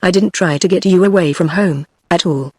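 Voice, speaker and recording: A woman's voice: lowish voice, moderate pace, breathy edge, no echo, studio quality. A synthetic British woman reading as a kindly shaggy man. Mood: reassuring. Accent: British English. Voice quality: even synthetic read-out.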